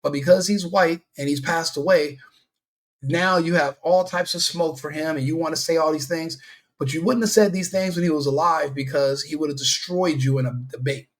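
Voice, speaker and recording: A man's voice: on the high side, normal speed. A man hosting a commentary video, delivering a heated, scornful opinion rant with lots of repetition.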